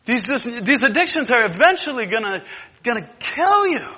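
A man's voice: very high voice, very animated, normal speed, sharp tone, breathy edge, in a large hall, voice pushed up, exaggerated voice. A man voicing God as an urgent, exasperated figure who warns a sinner to give up his addictions.

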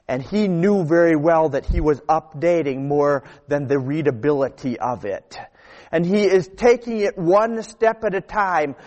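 A man preaches an emphatic sermon, repeating phrases and letting his sentences sink to quiet, low endings. The sound is lo-fi.

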